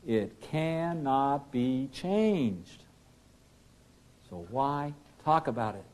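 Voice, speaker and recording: A man lecturing pilots as a flight instructor, emphatic, asking rhetorical questions and dropping his voice low for key points. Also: big pitch swings, drawn-out words, darkish tone. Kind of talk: classroom lecture.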